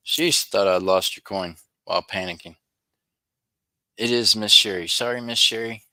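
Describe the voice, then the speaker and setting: Chatty man, bright and dry. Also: lowish voice, normal speed, no echo. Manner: chatty, apologetic, excitable over finds. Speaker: livestream host searching coin rolls. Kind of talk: casual livestream chat with viewers.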